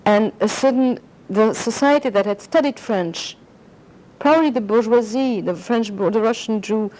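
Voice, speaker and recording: A woman's voice: on the high side, normal speed, a little mellow, low-quality recording. An older woman being interviewed, reminiscing in a rambling way and slipping into French phrases. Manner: rambling, anecdotal, slips into French.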